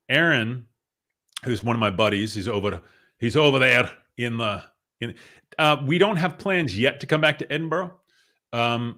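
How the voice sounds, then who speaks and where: Middle-aged guy guest, kinda low voice, animated storytelling, laughs a lot. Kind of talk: casual anecdote telling.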